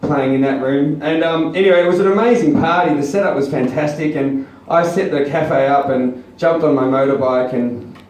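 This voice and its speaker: A man's voice: fairly high pitch, normal speed, hardly any pauses, a little mellow. A man doing stand-up, rambling through a crude, self-mocking story with many ums and uhs. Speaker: stand-up comedian. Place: small comedy venue, audience laughing. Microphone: far camera. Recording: echoey room, taped from far off.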